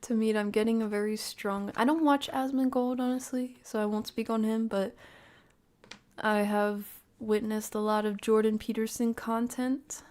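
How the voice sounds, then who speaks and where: A woman streaming a live reaction, often dropping into soft whispered asides and laughing between remarks. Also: a little high, fairly even intonation, moderate pace.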